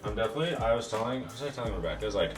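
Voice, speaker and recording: A man's voice: fairly low pitch, animated, very fast, echoey room, over music. A young adult man, a new father, chatting and joking casually in a family vlog.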